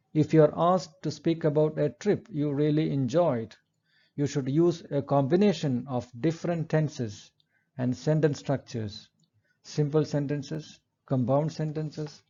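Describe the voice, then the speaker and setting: Reading example sentences aloud, a man teaches English in a recorded lecture, explaining each step in a measured manner. His voice is fairly high with a warm tone, and the sound is lo-fi.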